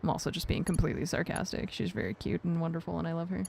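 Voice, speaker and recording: A woman's voice: fairly low pitch, fairly even intonation, fairly quick, gravelly, pauses often, warm tone, slight background noise. A woman streaming a game, chatting casually and self-mockingly with viewers and her cat, laughing often. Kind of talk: casual live-stream chat while gaming.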